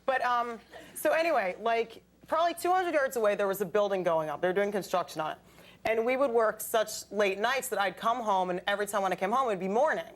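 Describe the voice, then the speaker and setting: A young woman telling stories as a guest on a late night talk show, in a chatty, animated way. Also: mid-range voice, fast talker. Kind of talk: casual chat. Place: television studio with audience. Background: studio audience.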